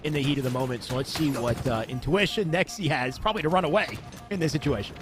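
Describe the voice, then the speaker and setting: A man calling live play-by-play for a competitive shooter match at a quick, energetic clip. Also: on the high side, music in the background. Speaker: esports play-by-play commentator.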